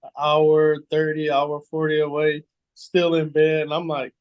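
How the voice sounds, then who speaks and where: Relaxed man telling a story. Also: fairly high pitch, unhurried, muffled recording, crowd noise. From San Francisco Bay Area. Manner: relaxed storyteller, repeats words, acts out quoted voices. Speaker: guest, former pro football player. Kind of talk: casual storytelling interview.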